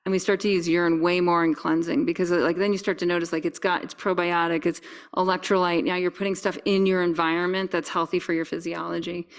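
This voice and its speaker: A woman's voice: on the low side, level tone, quick pace. A woman who is a podcast guest, talking candidly and enthusiastically in a casual conversation.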